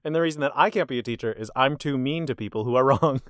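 A man hosting a casual movie quiz. He reads the answer options deliberately and teases his guest. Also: medium pitch, dry recording, studio quality. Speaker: quiz host. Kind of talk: casual podcast chat.

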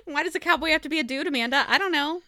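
A woman co-hosting a book podcast, chatting excitedly and rambling about small news. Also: sits high, rapid-fire, crowd noise. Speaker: podcast co-host. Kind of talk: casual chat.

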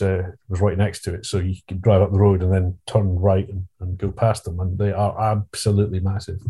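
Mellow low-voiced man chatting. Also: husky. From England. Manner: rambling, chuckling, detailed. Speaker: podcast co-host. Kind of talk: casual chat.

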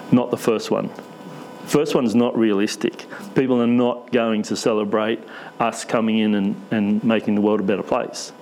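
A man's voice: lowish voice, a little mellow, a little hiss or hum, rough recording. A man preaching a conversational sermon in church, asking the congregation questions with light humour.

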